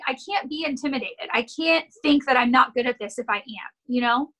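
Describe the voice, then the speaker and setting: A woman's voice: high voice, fast, few pauses, pushed and bright, poor audio. A woman who owns a gym, talking candidly and encouragingly in a casual podcast chat. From California. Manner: candid, encouraging, tells stories with quoted voices. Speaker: gym owner and personal trainer.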